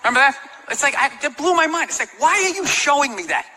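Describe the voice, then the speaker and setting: A man's voice: extremely high pitch, big pitch swings, fast, bright, forceful tone. A man doing a sarcastic, swearing stand-up comedy set in a club. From United States. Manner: sarcastic, ranting, swears often. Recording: live club with crowd laughing and room noise.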